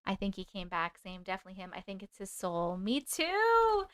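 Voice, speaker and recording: A woman's voice: lowish voice, flat delivery, fast, a bit bright, smooth, no echo, clean studio sound. A woman hosting a live stream, reading viewer stories aloud and reacting with open emotion to the chat.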